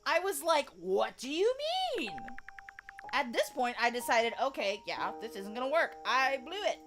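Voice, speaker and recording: A woman's voice: sits high, sing-song, normal speed, fairly bright tone, a little hiss or hum, full character voice. A woman with a Southern US accent voicing a young man who wryly recounts an awkward scene to a friend in a visual novel. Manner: wry, conversational storytelling. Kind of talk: reading a visual novel aloud.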